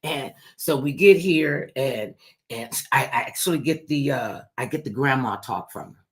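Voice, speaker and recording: A woman radio host telling a family story with lively, animated delivery, acting out the voices of relatives. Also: extremely low pitch, moderate pace. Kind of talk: storytelling on a talk show.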